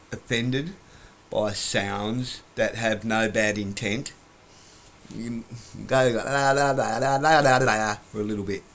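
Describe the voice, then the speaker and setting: A man talking in a blunt, profane, rambling monologue from his couch at home, breaking into laughs now and then. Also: mid-range voice. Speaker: vlogger.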